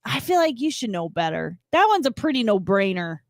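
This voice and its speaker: A woman co-hosting a casual talk show, laid-back and quick to laugh. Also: mid-range voice, big pitch swings, no room sound, studio quality. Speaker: co-host. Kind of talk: casual chat.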